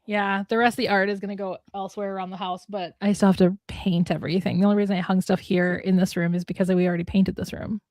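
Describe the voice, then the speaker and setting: A woman's voice: mid-range voice, little pitch movement, fast talker, hardly any pauses, darkish tone, dry recording. Chatty Minnesotan woman, dry close sound. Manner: chatty storyteller, acts out quoted voices. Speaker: host, romance author. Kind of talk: casual livestream chat. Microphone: home livestream mic.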